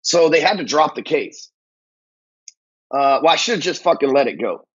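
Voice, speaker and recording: A man's voice: a little high, lively intonation, moderate pace, a bit bright, slightly rough, lo-fi sound. A man from North Texas, telling his own story in a blunt, angry, profane monologue as a sales coach. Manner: blunt, angry, swears constantly.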